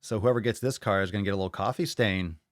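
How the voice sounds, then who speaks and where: A man's voice: lowish voice, fast, no echo. A male podcast host talking in a casual, profane, fired-up rant to his live audience. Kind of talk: casual livestream podcast chat.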